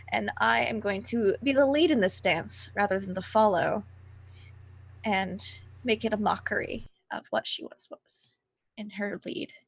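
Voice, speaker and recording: A young adult woman playing a tabletop role-playing game, making deliberate, defiant in-character declarations. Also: mid-range voice, vocal fry, slight background noise. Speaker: player.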